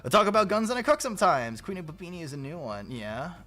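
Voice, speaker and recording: A man hosting a livestream in a casual, rambling chat, swearing freely and breaking into loud laughs. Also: on the high side, big pitch swings, fast. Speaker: livestream host.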